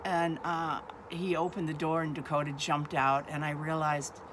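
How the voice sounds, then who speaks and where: A woman in her sixties casually telling a family story, halting often with ums and uhs. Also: deep voice, fairly even intonation, fairly bright tone, slight background noise.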